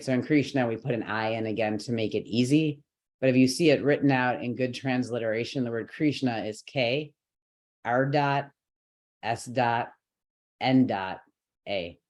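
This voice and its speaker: A woman's voice: very deep voice, a little mellow. A woman teaching the pronunciation of a chanted mantra, breaking it into syllables and repeating each sound patiently. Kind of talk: slow syllable-by-syllable chanting lesson.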